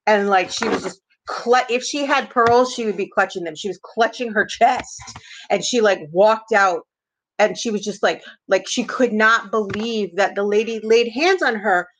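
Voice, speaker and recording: A woman's voice: mid-range voice, moderate pace, a bit bright, a little hiss or hum. A woman tells stories on a podcast in a loose, chatty way. She leans on fillers and adds wry, indignant asides. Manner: chatty, heavy use of "like" fillers. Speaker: podcast co-host. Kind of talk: casual storytelling.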